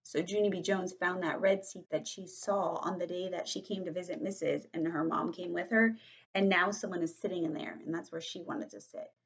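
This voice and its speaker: A woman teacher reading a story aloud to young children, explaining vocabulary in a gentle, questioning way. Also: lowish voice, steady tone, brisk, slightly rough, poor audio. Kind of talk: read-aloud vocabulary lesson.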